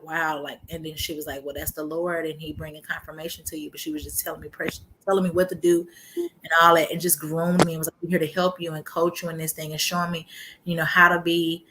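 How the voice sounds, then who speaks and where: A woman's voice: sits low, little pitch movement, a little fast, sharp tone, a little hiss or hum, rough recording. A woman, telling her faith testimony in casual chat, acting out quotes and laughing often. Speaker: guest sharing her testimony.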